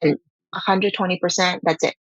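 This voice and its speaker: A woman's voice: lowish voice, fairly even intonation, fairly quick, slightly rough, no echo, lo-fi sound. A woman who is a parent, talking candidly and earnestly about her home life in an interview, acting out what her children say. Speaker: parent guest.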